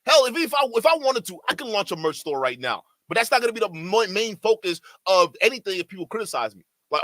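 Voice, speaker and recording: A man's voice: sits high, very animated, quick pace, hardly any pauses, fairly bright tone, no echo. A man streaming his reaction to a clip, mocking and ranting, with a slight stutter. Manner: mocking, mimics others in exaggerated voices; stutters at times. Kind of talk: heated reaction commentary.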